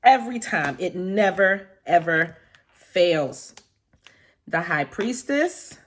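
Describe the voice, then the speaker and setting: Casual tarot vlogger, woman, low-ish voice, effusive, talks right to her viewers. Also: lively intonation, takes it slowly. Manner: gushing and effusive, with soft exclamations; talks directly to viewers, calling them guys and baby. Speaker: tarot reader and spiritual vlogger. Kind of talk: casual unboxing vlog.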